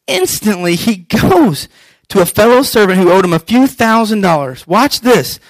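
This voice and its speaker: A man preaching a sermon as pastor, animated and acting out scripture scenes. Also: high-pitched, normal speed, no room sound, low-quality recording.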